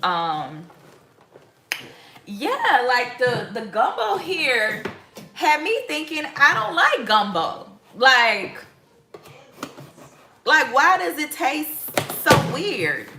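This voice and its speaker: A woman's voice: sits high, sing-song, very slow, pauses often, pushed and bright, reverberant, slight background noise. A woman from Mississippi, chatting casually with viewers in a cooking vlog from her home kitchen, full of rambling asides and y'all. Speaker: lifestyle vlogger.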